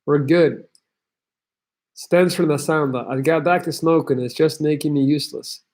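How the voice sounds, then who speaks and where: A man's voice: a little high, moderate pace, darkish tone. Blunt man giving tough-love advice. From Belgium. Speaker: host. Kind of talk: livestream advice, reading chat aloud.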